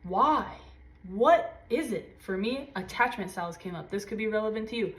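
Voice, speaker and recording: A woman giving a casual tarot reading, talking intensely and swearing freely. She drops to low murmurs and jumps to high exclaims as she gives a spiritual pep talk. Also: animated, normal speed. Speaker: tarot reader.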